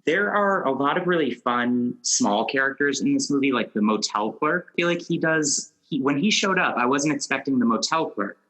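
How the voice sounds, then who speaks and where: Man, podcast host, casual movie chat, long rambling questions, laughs a lot, mid-pitched voice. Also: lively intonation, normal speed, hardly any pauses, sharp tone, low-quality recording.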